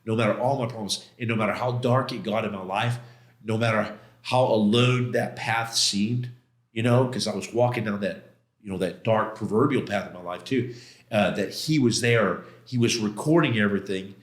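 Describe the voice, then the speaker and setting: Being interviewed on a podcast, a man with a fairly low voice speaks at a normal speed, casually relating a personal story with slang and emphasis. He plays out his own earlier outbursts, and the room echoes noticeably.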